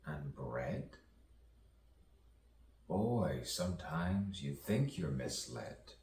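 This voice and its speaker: Here a poet's remarkably deep voice, darkish and edged with vocal fry, drives a very animated, rambling soliloquy built on slowly looping, repeated phrases. He's far from the mic in a spacious, echoing room with a light hiss of noise.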